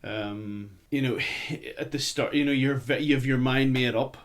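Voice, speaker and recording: A man's voice: medium pitch, moderate pace, slight background noise. A middle-aged man co-hosting a podcast, chatting casually about movies and rambling with many fillers. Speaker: podcast co-host.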